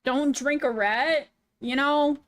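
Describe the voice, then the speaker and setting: A young woman streams while drawing, chatting casually in a goofy, playful, jokey way. Her voice sits high, with fairly even intonation and a slow pace.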